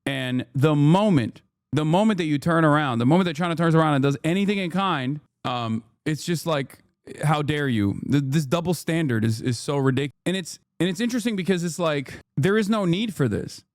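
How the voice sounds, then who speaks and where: Man, streamer commentary, sarcastic, profane ranting, slightly high pitch, dry sound. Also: fairly quick, no echo. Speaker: streamer reacting to news. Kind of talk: casual live-stream commentary.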